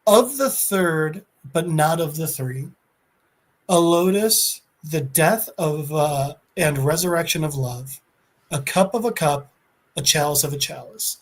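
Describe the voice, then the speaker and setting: A smug, scheming dealmaker, put on by a man retelling a comic, boasting and wheedling. His pitch climbs high and swings wide as he sells his offer. He tosses off his lines in a slick, teasing way. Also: lively intonation, unhurried. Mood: sly.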